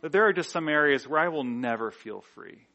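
Conversational pastor. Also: male voice, on the high side, animated, brisk, creaky, sharp tone. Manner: conversational, frequent "like" fillers and restarts, rhetorical questions. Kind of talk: sermon.

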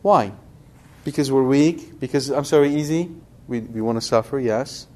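A man's voice: mid-range voice, moderate pace. A priest teaching a Bible study in a conversational way, speaking directly to his listeners and asking them questions. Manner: lively, talks directly to the audience with questions.

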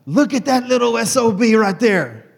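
A man's voice: extremely high pitch, expressive, moderate pace, gravelly, slightly rough, big-room sound, voice pushed up, full character voice. A man voicing his proud old grandfather, hollering and boasting about his grandson.

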